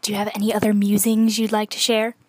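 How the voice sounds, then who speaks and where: A woman hosting a comedy sketch, interviewing in a deadpan way and sometimes whispering. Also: medium pitch, fast talker, breathy edge, dry recording. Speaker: comedy show host.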